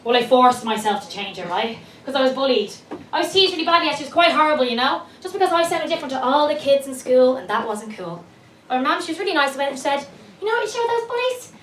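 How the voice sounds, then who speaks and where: A woman's voice: sits high, lively intonation, quick pace, a little hiss or hum. A young Irish woman with a Dublin accent doing a chatty stand-up set, laughing at her own jokes on a club stage. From Ireland. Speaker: stand-up comedian. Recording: echoey club from far off. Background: loud laughing crowd.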